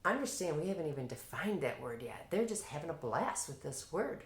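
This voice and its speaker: A woman with a notably low voice explains how she teaches reading, breaking into an animated classroom tone to demonstrate prompts. The recording has the hollow echo of a bare room. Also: a little fast, slight background noise. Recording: echoey room.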